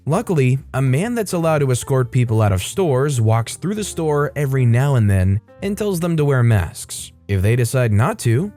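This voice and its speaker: A man's voice: mid-range voice, dark tone. A man reading stories aloud as a host, adding opinionated commentary and sarcastic asides. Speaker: reddit story narrator.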